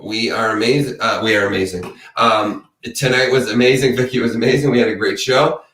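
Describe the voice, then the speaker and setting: A man's voice: fairly low pitch, a little fast, fairly bright tone, far from the mic. A chatty man closes his live stream in a loose, rambling way and answers viewer comments as they come in. He sits back from the mic, and the sound carries in a roomy space. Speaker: true crime channel host. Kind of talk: casual live-stream sign-off.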